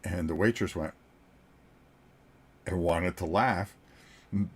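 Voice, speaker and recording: A man in his sixties with a very low, deep voice, hosting his own board game channel. He tells a story to his viewers in a loose, joking way and chuckles between sentences. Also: slow pace, breathy edge. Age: 60s. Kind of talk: casual storytelling chat to viewers.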